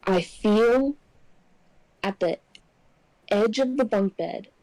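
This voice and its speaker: Young woman telling a spooky story on a podcast, warm low-key tone, jumps up in pitch acting out quotes. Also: slow pace, no echo, poor audio. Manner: animated, acts out quotes in raised voice. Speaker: podcast co-host. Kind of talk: casual storytelling.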